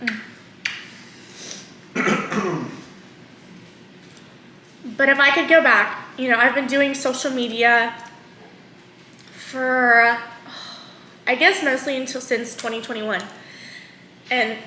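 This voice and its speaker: A woman's voice: fairly high pitch, steady tone, slow pace, pauses often, pushed and bright, reverberant, a little hiss or hum. A woman in her twenties talking candidly to camera in a vlog, full of fillers and close to tears. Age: 20s. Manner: candid, filler-heavy, often near tears. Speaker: vlogger. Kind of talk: emotional casual confessional talk.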